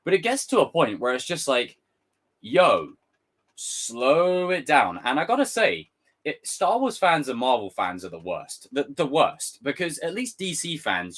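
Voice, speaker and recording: A young man ranting casually on a live stream, swearing freely and slipping into quick impressions. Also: a little high. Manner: animated, swearing, jumps into impressions.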